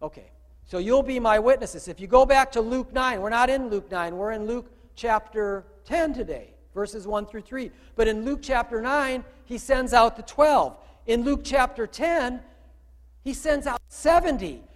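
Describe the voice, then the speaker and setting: High-voiced man preaching in a hall. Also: unhurried. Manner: conversational preaching, asks the congregation questions, swings from quiet to loud. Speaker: pastor. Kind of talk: sermon. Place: church room with a congregation.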